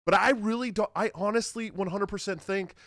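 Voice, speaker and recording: A man's voice: sits high, brisk, no room sound, clean studio sound. A young man hosting a podcast, chatting casually and telling stories with plenty of cursing, acting out what other people said. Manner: animated storytelling, acts out others' lines, swears freely. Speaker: podcast host. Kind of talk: casual chat.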